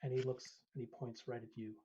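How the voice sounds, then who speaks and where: A game master narrating a live-streamed tabletop game, hesitant with lots of pauses and restarts. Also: medium pitch, little pitch movement, mellow, muffled recording, slight background noise. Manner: hesitant, many ums and restarts.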